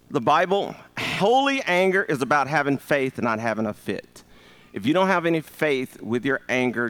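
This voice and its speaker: A man in his fifties preaching a sermon as pastor, animated and joking, calling on the congregation to answer. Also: mid-range voice. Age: 50s.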